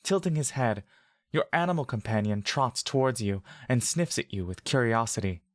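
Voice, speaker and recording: A man narrates a scripted second-person story with steady, vivid delivery. His voice sits in an ordinary middle range. The recording is close and dry, with no room sound. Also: mid-range voice, normal speed, dry recording.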